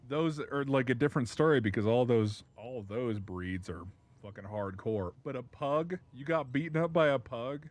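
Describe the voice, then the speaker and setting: A man's voice: mid-range voice, normal speed. A man streaming and telling a rambling dog story, laughing often and swearing freely. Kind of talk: casual chat.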